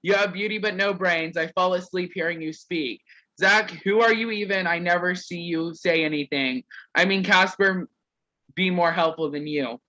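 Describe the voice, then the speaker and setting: A man's voice: high voice, moderate pace, bright, forceful tone, muffled recording. A young man casually reading roasts aloud to a group on a call, stumbling over words and laughing.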